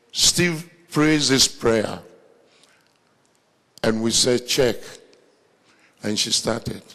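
A man with an African accent preaching a sermon as pastor, telling stories with animation and breaking into shouts. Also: medium pitch, vocal fry, big-room sound. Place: large church hall, live meeting.

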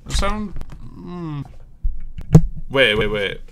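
A man's voice: fairly high pitch, big pitch swings, very slow, gravelly, sharp tone, slight background noise. A young man streaming live, testing a new microphone and muttering to himself, puzzled and amused. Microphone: new desk microphone, being tested.

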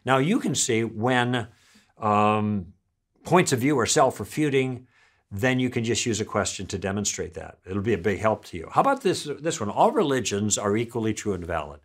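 A man's voice: lowish voice, normal speed. A middle-aged man giving a recorded church teaching, telling stories and acting out both sides of a conversation. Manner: animated storytelling, acting out dialogue.

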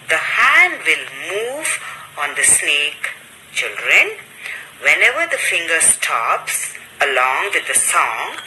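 A woman teacher giving a slow, sing-song recorded lesson to small children. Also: fairly low pitch, sharp tone, slight background noise, rough recording. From Odisha, India.

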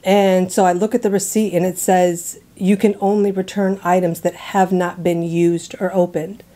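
A woman telling a personal story in a casual way. She laughs often and drops into hushed asides. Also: on the low side, flat delivery, moderate pace.

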